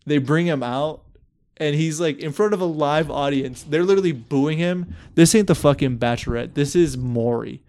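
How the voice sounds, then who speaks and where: A man's voice: fairly high pitch, moderate pace, darkish tone. A young man hosting a podcast, animatedly retelling a story, swearing freely and acting out quotes. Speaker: podcast host. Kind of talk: casual chat.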